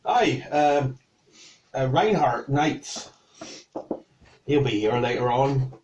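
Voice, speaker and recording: A man's voice: medium pitch, lively intonation, takes it slowly, darkish tone, echoey room, highs cut off, slight background noise. Man doing a gossipy tavern keeper. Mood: chatty. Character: chatty male tavern keeper.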